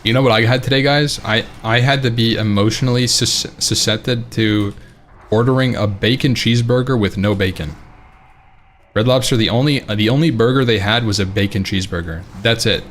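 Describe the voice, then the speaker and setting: A man's voice: fairly low pitch, fairly quick, a little hiss or hum. Profane ranting male game streamer. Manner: animated, profane, laughing ranting. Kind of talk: casual late-night stream storytelling.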